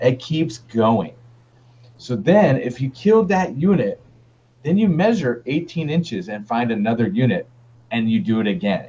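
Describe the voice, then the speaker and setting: A man's voice: medium pitch, mellow, slight background noise. A man co-hosting a wargaming podcast in a laid-back, rambling chat with many fillers. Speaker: podcast co-host. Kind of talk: casual chat. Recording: dull lo-fi stream audio.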